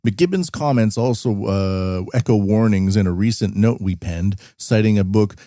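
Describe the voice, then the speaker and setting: A man's voice: on the low side, moderate pace, dark tone, dry recording, clean studio sound. A man hosting a podcast, reading news articles aloud and rambling through sarcastic asides. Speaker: podcast host. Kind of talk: casual news commentary.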